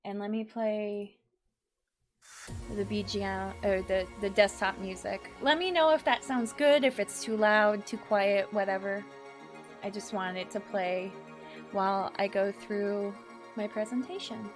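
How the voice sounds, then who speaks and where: A VTuber speaks at medium pitch, a little slowly and with fairly even intonation, during a live stream with faint music in the background. She chats casually but nervously, giggling and greeting viewers by name.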